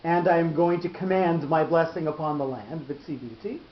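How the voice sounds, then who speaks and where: High-voiced man teaching in an echoey room. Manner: patient, explains slowly and repeats key words. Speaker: Torah teacher. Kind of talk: classroom Torah lesson. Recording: echoey room, dull lo-fi sound.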